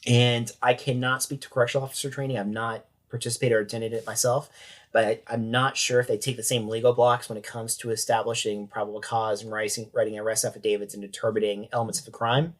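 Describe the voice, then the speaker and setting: A man's voice: mid-range voice, little pitch movement, quick pace. A man, a sheriff's corporal, recounting a story as a podcast guest in a detailed, matter-of-fact way. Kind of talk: interview storytelling.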